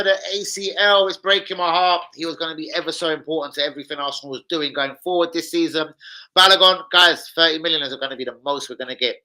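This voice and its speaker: A man's voice: fairly high pitch, pushed and bright, rough recording. A man hosting a football fan channel, hyper and slangy, swearing freely through casual chat and a transfer news roundup.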